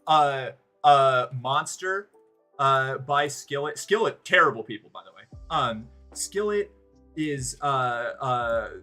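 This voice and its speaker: A man's voice: medium pitch, animated, slow pace, pushed and bright, soft background music. A man streaming live, rambling sarcastically and swearing freely while chatting with his viewers. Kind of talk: casual livestream chat.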